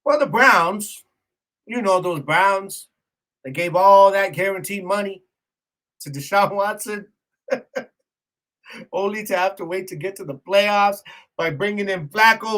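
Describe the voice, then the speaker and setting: A young man hosts a sports podcast solo, ranting in a casual way and laughing at his own jokes. His voice sits high and rings bright and forceful. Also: slow, long pauses. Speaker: podcast host. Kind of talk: casual sports talk monologue.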